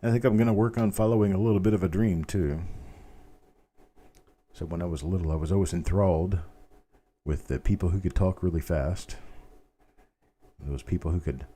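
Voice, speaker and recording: A middle-aged American man with a relaxed Mid-South accent hosts a live coin show, talking loosely to viewers and playing with regional accents. His voice sits low and dark, mellow rather than bright. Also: moderate pace, pauses often. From Mid-South of the United States. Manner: chatty, jokes around trying out regional accents. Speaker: host of a live coin roll reveal. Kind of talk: casual live-stream chat.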